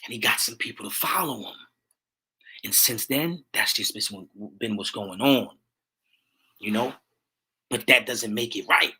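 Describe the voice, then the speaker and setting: A man hosting his own livestream, talking with passion in a preachy way, repeating catchphrases and rising to near-shouts. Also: mid-range voice, measured pace, long pauses, husky. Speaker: livestream host. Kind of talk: impassioned livestream talk.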